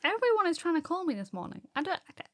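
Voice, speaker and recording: A woman with a British accent co-hosting a parenting podcast in casual chat, telling stories in an animated way and laughing often. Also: very high-pitched, racing. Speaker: podcast co-host.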